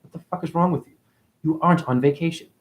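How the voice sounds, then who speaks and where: A man's voice: a little high, quick pace. A man giving a spiritual monologue as a teacher, preachy and profane, firing one rhetorical question after another.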